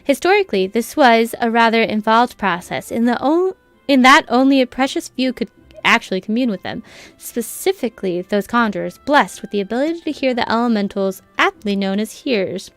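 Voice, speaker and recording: A welcoming, long-winded guild lecturer from a fantasy game, voiced by a woman reading along. The lines come in a chatty, lecturing way, in a fairly high voice. The recording is dry, with faint music underneath. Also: lively intonation, brisk, no echo. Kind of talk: reading game dialogue aloud.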